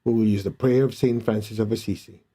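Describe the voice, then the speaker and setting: A man leads a guided meditation in a calm, unhurried voice. His tone is mellow and dark, and his instructions are gentle and soft-spoken. He sounds like a teacher guiding a group through prayer and stillness. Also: lowish voice.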